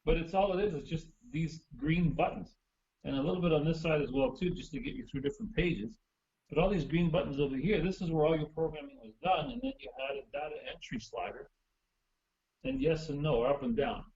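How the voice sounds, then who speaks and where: A man's voice: on the high side, lively intonation, a little fast, a little mellow, dull audio. A man in casual chat, explaining old music gear in a chatty way with restarts, heard over a call. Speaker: guest musician. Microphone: phone or video call.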